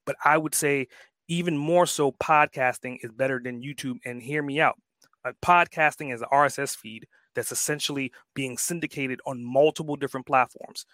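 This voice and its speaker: A man's voice: medium pitch, steady tone, moderate pace, a bit bright, dry recording. A man speaking as a podcast guest, emphatic and fired up, swearing freely in casual conversation.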